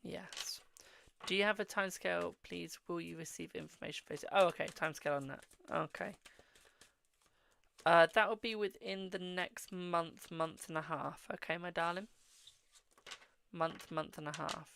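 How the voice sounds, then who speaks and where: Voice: mid-range voice, fairly even intonation, moderate pace, vocal fry, a bit bright, a little hiss or hum. A host reading tarot on a live stream, answering viewers' questions, calling them "my darling" and murmuring while drawing cards. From England.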